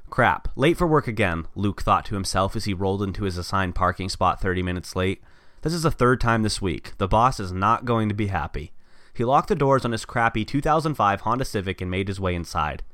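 A man's voice: lowish voice, lively intonation, brisk, fairly bright tone, dry recording, clean studio sound. A man co-hosting a podcast, reading his own short story aloud and running it down. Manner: self-deprecating, laughs at himself. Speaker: podcast co-host.

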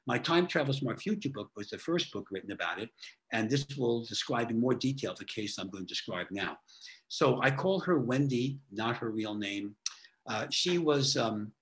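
A man with a medium-pitched, slightly bright voice appears as a guest on a podcast. An author and therapist, he tells his clients' case histories in a chatty storytelling style, often tagging sentences with "okay?".

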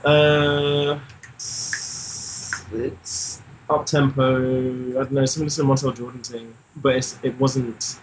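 A man's voice: mid-range voice, little pitch movement, slow, background noise. A man co-hosting a casual music chat, hesitant and groping for words.

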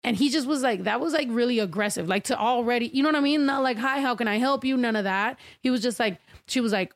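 A woman's voice: on the high side, dry recording. A woman telling a rambling, profane story in casual chat, acting out the people she quotes.

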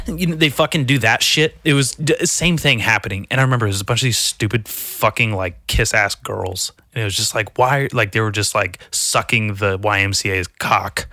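A young man rambling through a profane, self-mocking comedic monologue as a solo podcast host, now and then mimicking people in a squeaky voice. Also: moderate pace, pushed and bright, no echo.

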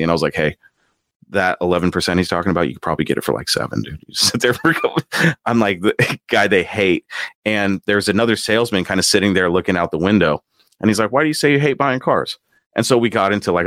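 A man's voice: deep voice, dry recording, clean studio sound. A man casually telling a story, acting out the voices in it and laughing as he goes. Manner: animated, acts out quotes with laughs.

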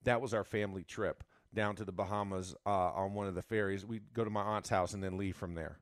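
A man from Florida in casual chat, telling stories in an animated way and laughing often. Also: low voice, a little fast, no room sound, clean studio sound. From Florida, USA.

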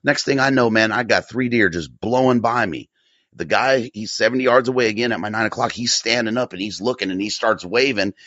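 A man, a guest on a podcast, telling a story in a casual, profane, animated way and often repeating himself. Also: lowish voice, a little fast, no room sound. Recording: dull lo-fi audio.

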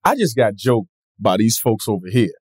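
A man being interviewed, telling stories in a relaxed, lively way and acting out other people's voices. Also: lowish voice, normal speed, slightly rough, dry recording, studio quality. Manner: animated, acts out voices in his stories. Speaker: comedian guest. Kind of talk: casual interview storytelling.

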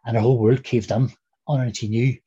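A man's voice: mid-range voice, fairly even intonation, fast, dark tone, husky, dull audio. A man in his sixties with a Derry accent, reminiscing in a rambling, casual way as an interview guest. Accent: Derry, Northern Irish. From Northern Ireland. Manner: rambling, many fillers and "there".

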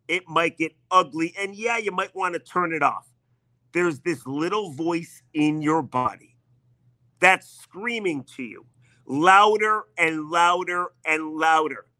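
A sports radio host, driving his point home over and over in a needling, emphatic rant. His voice sits a touch high and rings bright and forceful. The sound is close and dry, with no room at all. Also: dry recording. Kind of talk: sports talk monologue.

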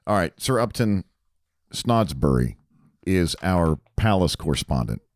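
A man with a very low voice that swoops up and down in lively bursts hosts a show. He banters playfully, and the sound is dry and close to the mic. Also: unhurried, no room sound. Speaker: co-host. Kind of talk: casual chat.

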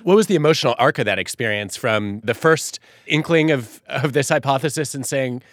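A man's voice: mid-range voice, brisk, hardly any pauses, a bit bright, no echo, studio quality. A man hosting a podcast, asking a guest curious, thoughtful questions. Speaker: podcast host. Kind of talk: interviewing a guest.

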